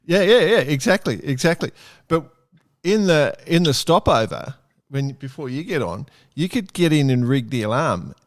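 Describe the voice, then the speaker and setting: New male host, playful and teasing; lively pitch, dry close recording. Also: moderate pace, dry recording. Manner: jokey, playful, pitches silly ideas. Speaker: podcast host. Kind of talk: casual podcast chat.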